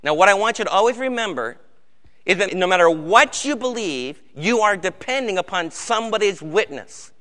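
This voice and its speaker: A man's voice: high voice, expressive, normal speed, bright, forceful tone. Pastor guy preaching, chatty, asks the crowd questions, big church echo. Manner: conversational preaching, rhetorical questions. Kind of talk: sermon. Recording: hall reverb.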